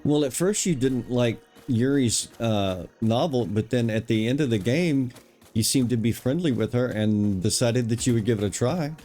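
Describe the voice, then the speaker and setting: Mellow-voiced man teasing calmly. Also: mid-range voice, moderate pace, faint music behind. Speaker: streamer. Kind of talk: casual role-play chat.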